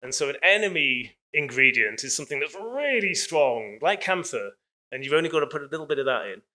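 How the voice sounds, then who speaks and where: Bright-voiced man giving a casual lecture. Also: a little high, very animated, fairly quick. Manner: casual, digressive, many hedges. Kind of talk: public lecture.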